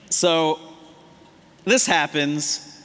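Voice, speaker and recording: Animated, bright-voiced comedian in a hall. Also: male voice, on the high side. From United States. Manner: animated, profane, emphatic. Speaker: comedian giving a talk. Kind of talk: comedic stage talk. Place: large hall on stage. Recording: echoey hall.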